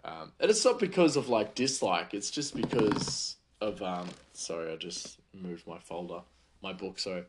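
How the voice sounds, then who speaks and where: A man's voice: low voice, expressive, moderate pace, heavy background noise. A man, a chef, telling a heated, rambling story about his work, full of fillers and restarts. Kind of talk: casual storytelling monologue.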